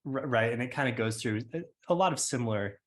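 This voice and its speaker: A man's voice: mid-range voice, animated, quick pace. A man co-hosting a podcast, chatting casually and asking long, rambling questions. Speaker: podcast co-host.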